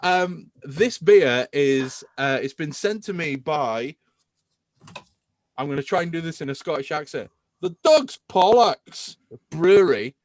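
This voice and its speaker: A man's voice: a little high, measured pace, no echo. Guy hosting a beer podcast, hyped up, dry close sound. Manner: enthusiastic, animated beer talk. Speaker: podcast host. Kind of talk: casual chat.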